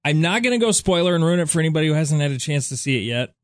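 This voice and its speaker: A man's voice: on the high side, lively intonation, rapid-fire, dry recording, clean studio sound. A young adult man co-hosting a radio morning show, chatting casually and wryly. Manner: chatty, wry, easygoing.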